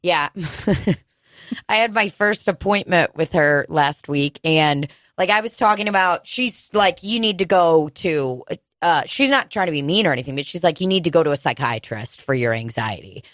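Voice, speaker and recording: A woman's voice: deep voice, expressive, a bit bright, dry recording. Young woman, casual podcast co-host, blunt and profane, dry close sound. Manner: candid, swearing, talks fast when quoting herself. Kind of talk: casual chat.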